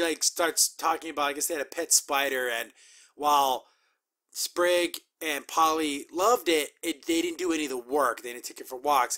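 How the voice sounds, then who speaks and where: A man's voice: a little high, pushed and bright. Chatty, upbeat man recapping a cartoon. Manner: chatty, upbeat, acts out quick character quotes. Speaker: show reviewer. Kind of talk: casual episode recap and reaction.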